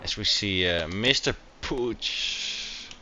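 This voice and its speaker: With a lowish voice and a very slow delivery, a non-native English speaker stumbles through loose, excitable live commentary on a sim race. Racing sounds play faintly behind him, along with slight background noise.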